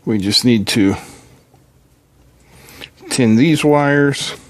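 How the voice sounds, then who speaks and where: A man's voice: mid-range voice, extremely slow, no room sound. A man hosting an electronics tutorial from his home workbench, chatting casually and joking about himself while he works. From Appalachian region of the US. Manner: chatty, self-deprecating, talks while working.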